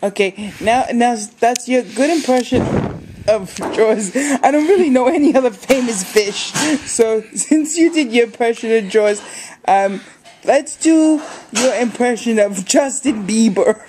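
A woman's voice: on the high side, lively intonation, a little slow, background noise. A girl playfully hosting a mock talk-show interview with her puppet, recorded on a home video camera on a couch. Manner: playful, giggly, mock-formal. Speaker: host of a puppet interview skit. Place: living room couch. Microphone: handheld video camera.

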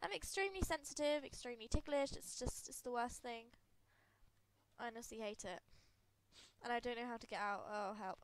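A woman with a cold, congested and sniffly, gives giggly, rambling, self-deprecating commentary over a video game as a gaming video creator. Her voice is a little high with a steady tone and normal pace. A slight hiss or hum sits in the recording.

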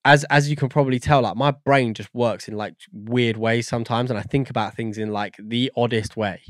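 A man's voice: mid-range voice, steady tone, brisk, no echo. Guy rambling thru a podcast chat, lots of "like" and "um", dry close mic. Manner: rambling, searching for words with many fillers. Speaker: guest audio engineer.

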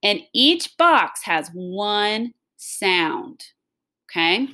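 Slow, patient woman teaching phonics. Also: on the low side, animated. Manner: slow, patient, stretches out sounds. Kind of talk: recorded phonics lesson for children.

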